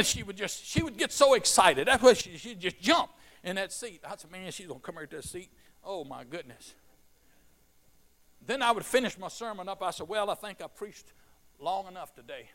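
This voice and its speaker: A middle-aged man preaching a sermon, telling stories quietly and then rising to shouted fervor. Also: sits high, expressive, a little fast.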